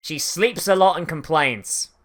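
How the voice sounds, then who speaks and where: A slightly bright mid-range voice, a little slow, comes from an anime reaction host doing casual watch-along commentary. The host rambles, leans heavily on "like" as filler, and laughs along the way.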